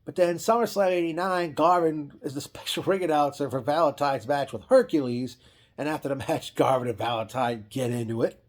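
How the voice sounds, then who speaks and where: A man's voice: a little high, brisk. A man casually recapping an old wrestling event, rambling with frequent restarts and self-corrections.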